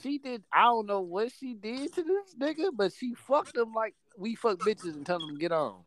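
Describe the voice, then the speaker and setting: A man recounts a story to his friends in a high, lively voice that leaps up and down. He talks in profane slang with excitable energy. A loud steady hum sits under the recording. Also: normal speed. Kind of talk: casual chat, animated storytelling.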